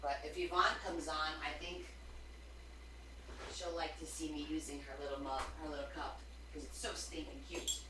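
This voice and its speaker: A woman's voice: low-pitched, flat delivery, moderate pace, background noise. A middle-aged woman with a New Jersey accent, hosting a craft livestream, chatting casually and greeting viewers by name with rambling asides.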